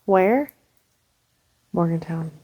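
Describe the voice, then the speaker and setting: Mellow woman reacting in casual chat. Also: on the low side, lively intonation, breathy edge. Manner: short reactions and backchannel, quick asides. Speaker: podcast co-host.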